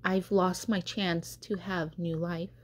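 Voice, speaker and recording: A woman voicing a remorseful, proud male tree in a storybook reading, with high, strained cries. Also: level tone, takes it slowly. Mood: sorrowful.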